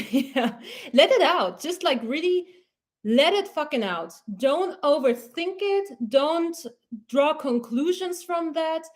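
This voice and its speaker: A woman's voice: high-pitched, expressive, slow. A young woman giving a casual, rambling pep talk as a mindset coach on a live stream, blunt and swearing freely.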